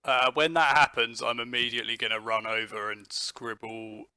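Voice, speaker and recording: A man's voice: medium pitch, little pitch movement, moderate pace, pushed and bright, smooth, no room sound. A man playing a tabletop game, eagerly describing what his character does. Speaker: player. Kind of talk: casual tabletop play.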